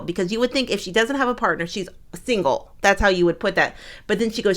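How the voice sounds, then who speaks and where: A young woman chatting casually as a co-host, her talk full of ums, likes and restarts. She wanders from point to point at an even, middling pitch. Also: fast talker. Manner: chatty, rambling, many fillers and restarts. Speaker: co-host of a fan channel. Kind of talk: casual chat.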